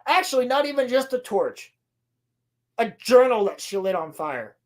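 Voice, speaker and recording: A woman's voice: a little high, big pitch swings, moderate pace. A woman recapping a show in a casual, sarcastic rant, swearing often and acting out scenes. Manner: sarcastic, swears a lot, acts out scenes in voices. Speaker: podcast co-host.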